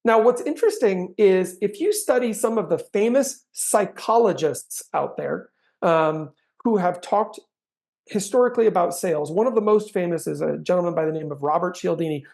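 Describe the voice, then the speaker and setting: A man's voice: sits high, vocal fry, a little mellow. A middle-aged man teaching sales technique in a chatty training talk, acting out sample lines now and then.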